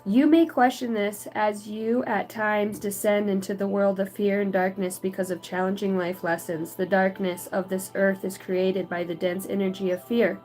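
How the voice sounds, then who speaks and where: A woman's voice: medium pitch, fairly even intonation, normal speed, few pauses, a little mellow, faint music behind, low-quality recording. A woman giving an intuitive oracle card reading. She reads card text aloud and breaks into emotional, casual asides that include swearing. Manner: emotional, earnest. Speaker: psychic card reader.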